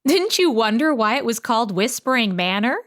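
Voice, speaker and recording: In a brisk, sing-song delivery, a woman voices a coy, drama-loving small-town gossip for an audiobook. Her pitch is a little high and her tone a bit bright, with the voice pushed upward to sound theatrical and gossipy.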